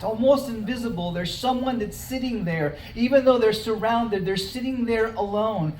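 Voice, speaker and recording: A pastor giving a conversational, story-driven sermon with dramatic pauses. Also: mid-range voice, darkish tone, slight background noise. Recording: roomy hall, mic at a distance.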